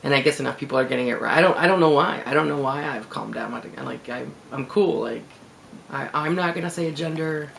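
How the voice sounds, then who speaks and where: Gravelly, creaky-voiced man talking candidly. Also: medium pitch, quick pace, a bit bright, a little hiss or hum, poor audio. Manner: candid, laughs easily, many fillers. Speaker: video blogger. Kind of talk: casual reflective monologue.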